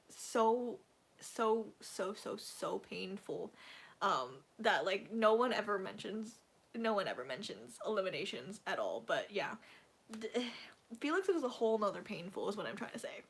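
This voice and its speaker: A woman's voice: medium pitch, a bit bright, husky. A woman hosting a casual livestream, chatting to her viewers in a rambling, gushing way full of fillers. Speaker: livestream host.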